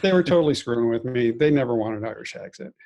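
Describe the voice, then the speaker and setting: A man's voice: mid-range voice, quick pace, dull audio. Easygoing male podcast co-host. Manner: relaxed anecdotal storyteller. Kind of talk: casual chat.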